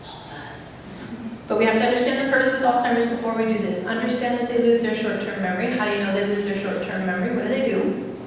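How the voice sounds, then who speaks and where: Woman speaker quizzing the crowd on dementia care, big boomy hall, sounds far from the mic. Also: steady tone, racing, slight background noise. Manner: asks the audience questions and answers them herself. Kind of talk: lively public talk to a live audience. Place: large hall. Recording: echoey hall from far off with faint ambience.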